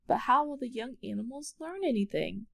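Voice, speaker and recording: A woman voicing a tired, kindly male owl schoolteacher in a children's storybook reading, gentle and drowsy. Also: on the high side, animated, normal speed, gravelly. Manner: sleepy, yawning, gentle. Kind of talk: children's storybook read-aloud.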